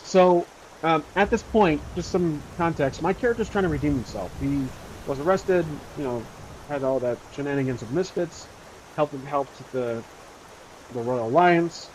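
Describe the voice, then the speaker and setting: A man's voice: a little high, normal speed, darkish tone, a little hiss or hum, rough recording. A man narrating his solo tabletop role-playing game in a casual, rambling way with many fillers.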